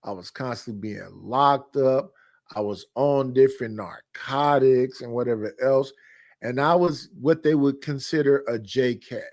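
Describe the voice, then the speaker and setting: A man's voice: medium pitch, unhurried, a little mellow. A man in his fifties, a podcast host, telling personal stories in blunt, candid casual chat with repetitive phrasing. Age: 50s.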